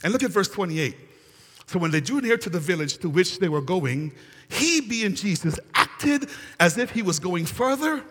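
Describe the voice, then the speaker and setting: A man's voice: high voice, big pitch swings, normal speed, fairly bright tone, big-room sound. A male pastor preaching a sermon, telling a story and calling out to the congregation.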